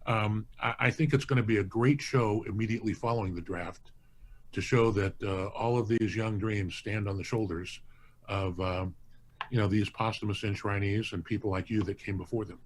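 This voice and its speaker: A man's voice: on the low side, steady tone, normal speed, a little hiss or hum. A man being interviewed as a museum president, earnest and rambling, often restarting his phrases while he tells stories. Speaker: hall of fame president, guest. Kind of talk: casual interview storytelling.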